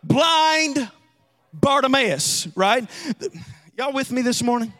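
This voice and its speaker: A man preaching a sermon as pastor, dropping to quiet asides and rising to shouted, sung emphasis. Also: very high-pitched, expressive, slow pace, soft background music.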